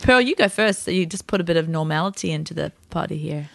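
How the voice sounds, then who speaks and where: Lower-voiced playful Australian-raised woman. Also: animated, quick pace, creaky, a bit bright, no echo, studio quality. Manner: playful, emphatic. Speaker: podcast co-host. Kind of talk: casual chat.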